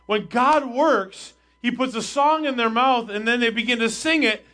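A man preaching a sermon as pastor, reading scripture aloud and explaining it, growing more forceful on the readings. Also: very high-pitched, normal speed.

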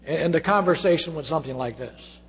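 A middle-aged man preaching a sermon as a pastor, swinging between loud emphasis and soft hushed moments. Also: a little high, fast talker, breathy edge. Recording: reverberant church hall.

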